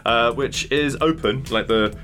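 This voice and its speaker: A man's voice: mid-range voice, measured pace, fairly bright tone, faint music behind. A man narrating a tabletop game as game master in a casual, rambling way full of fillers. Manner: rambling, full of likes and uhs.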